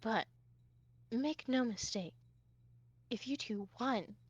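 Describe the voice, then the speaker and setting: A woman voicing a weary, exasperated female gatekeeper who talks low and sighs. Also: unhurried, dry recording. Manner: sighing, low and flat. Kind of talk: tabletop role-play voicing.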